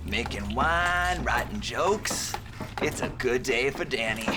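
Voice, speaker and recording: A folksy nosy neighbor. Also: female voice, very deep voice, lively intonation, heavy background noise, heavily acted. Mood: teasing. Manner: teasing, folksy, drawn-out. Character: chatty nosy small-town woman neighbor. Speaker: nosy small-town neighbor.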